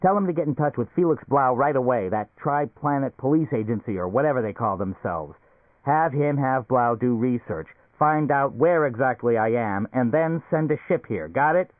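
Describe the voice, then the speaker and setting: A man's voice: mid-range voice, expressive, moderate pace, no room sound, voice pushed up, close to an everyday voice. A man doing an irritable stranded businessman. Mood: urgent. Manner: gruff, irritable, urgent. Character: impatient, anxious stranded businessman. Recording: tinny phone-like recording.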